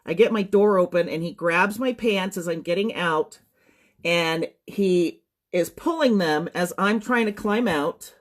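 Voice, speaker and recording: A woman giving a personal testimony straight to her viewers. She is shaken and fights to keep her composure, with many pauses and ums. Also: on the low side. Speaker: social media storyteller.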